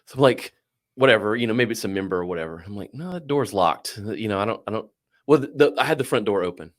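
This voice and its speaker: Low-voiced man telling a wild story. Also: fast talker. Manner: animated, swearing, acts out quoted voices. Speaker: podcast guest. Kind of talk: casual storytelling.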